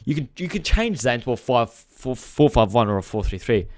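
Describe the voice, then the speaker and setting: A man's voice: mid-range voice, sing-song, fairly quick. A man hosting a casual live-stream football chat, ranting with frustration, swearing freely and talking straight to his viewers. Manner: frustrated, talks to viewers directly. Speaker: football channel host.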